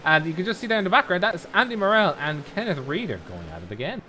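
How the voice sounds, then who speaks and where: A man's voice: high-pitched, sing-song, fast, sharp tone, slight background noise. A man co-commentating a sim race live, giving play-by-play with dry jokes.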